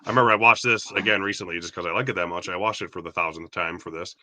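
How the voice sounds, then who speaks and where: A man hosting a casual livestream panel, upbeat and quick to laugh. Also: low voice, steady tone, bright, forceful tone, a little hiss or hum. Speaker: host.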